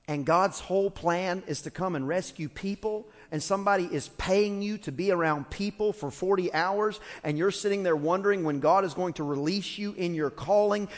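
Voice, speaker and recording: A man's voice: sits high, moderate pace, few pauses. A man preaching a sermon as pastor, telling a story in a humorous, conversational way with frequent restarts. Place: church sanctuary. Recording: long church-hall reverb.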